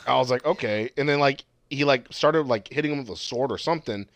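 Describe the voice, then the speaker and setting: A man's voice: mid-range voice, brisk, no room sound. A man in casual, heavily profane chat, laughing as he reads out his notes. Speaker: podcast co-host.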